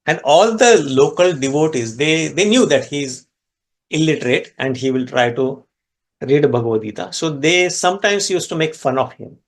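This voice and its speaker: Man telling a scripture story. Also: moderate pace. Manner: explains Sanskrit words step by step; animated storyteller with sudden pitch rises. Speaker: spiritual teacher.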